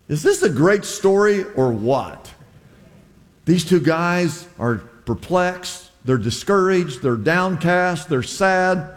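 A man's voice: high voice, lively intonation, takes it slowly. A man preaching a sermon to his congregation, telling a scripture story with stammered restarts and asides to the listeners. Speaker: pastor. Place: church sanctuary. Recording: long reverb of a large church hall.

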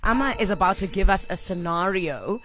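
A woman's voice: medium pitch, animated, brisk. A woman radio host from South Africa, enthusiastic and effusive in casual chat.

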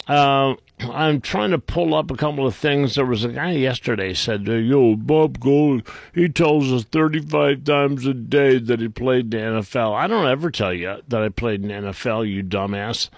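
A blunt, gruff man hosts a call-in radio talk show, reading items aloud and scoffing at them. He talks slowly and rambles with restarts in a mid-pitched voice. The studio sound is close and dry. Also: no room sound.

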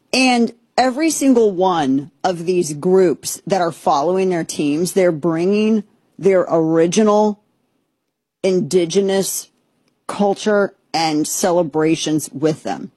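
A woman's voice: lowish voice, warm tone, husky, no echo. Sarcastic chatty woman podcaster. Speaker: podcast host. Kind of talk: opinionated casual commentary.

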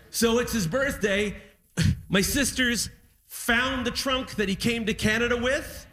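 A man doing stand-up storytelling on a concert hall stage, animated and breaking into shouted impressions. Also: sits high, normal speed. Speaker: stand-up comedian.

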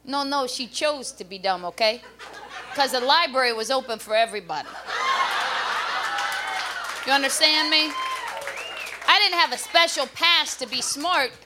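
A woman doing a stand-up comedy routine on a club stage with a handheld mic, brash and loud with punchy delivery. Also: high-pitched, lively intonation, normal speed, pauses often, a loud crowd, heavy background noise.

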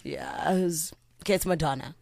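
A woman's voice: deep voice, huge pitch swings, normal speed, gravelly, darkish tone, no echo. Bubbly radio host woman. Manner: bubbly, affectionate, laughs often. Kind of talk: radio show banter and giveaway. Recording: radio studio with music bed.

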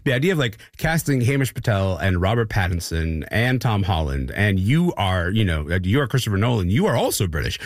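Lively low-voiced man hosting a chat. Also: fairly quick, hardly any pauses, dry recording, studio quality. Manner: animated, chatty, laughs easily. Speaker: podcast host. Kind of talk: casual discussion.

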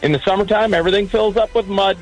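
A man's voice: high voice, steady tone, quick pace, soft background music, low-quality recording. Folksy farmer man, wry. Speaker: farmer comedian guest. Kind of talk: comic rural storytelling.

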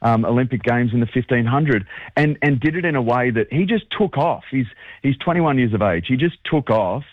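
A man's voice: medium pitch, animated, moderate pace, dry recording. A man calling in as a guest on a sports radio show, chatting in a bubbly, rambling way with lots of fillers. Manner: bubbly, rambling, laughs often, many fillers. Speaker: sports broadcaster phoning in as guest. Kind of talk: excited phone interview. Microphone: telephone. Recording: dry tinny phone line.

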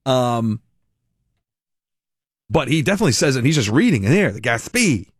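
A man's voice: medium pitch, big pitch swings, brisk, husky, no echo, clean studio sound. Rambling, amused male radio host. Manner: rambling, self-interrupting, amused storytelling. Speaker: radio talk show host. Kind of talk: casual talk radio chat. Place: radio studio. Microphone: studio microphone.

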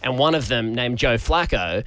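A man's voice: medium pitch, animated, normal speed, fairly bright tone, no room sound. A man hosting a casual weekend breakfast radio chat, telling stories in an easygoing way. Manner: easygoing, conversational storyteller. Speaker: radio host. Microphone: studio microphone.

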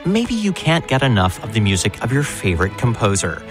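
A man reading a promotional radio announcement in an inviting, expressive way. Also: mid-range voice, a little fast, music in the background.

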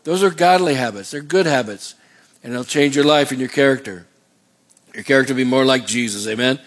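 A man's voice: mid-range voice, a little fast. A man preaching a sermon as pastor, emphatic, asking the congregation to answer back. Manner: preaching with call-and-response questions; emphatic, rising on exhortations.

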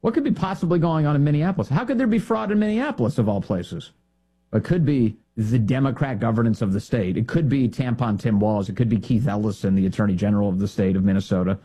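A man's voice: mid-range voice, lively intonation, fast, mellow, breathy edge. Combative man hosting political commentary. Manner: combative, mocking, name-calling. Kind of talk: opinionated live commentary.

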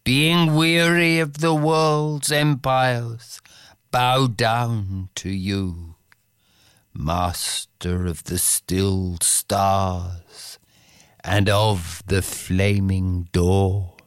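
A man reciting verse slowly and dramatically, sometimes dropping to a whisper. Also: fairly low pitch, steady tone, smooth, dry recording, clean studio sound. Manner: intense, declamatory, with sudden whispered passages. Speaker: poetry reciter. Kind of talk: slow dramatic poetry recitation.

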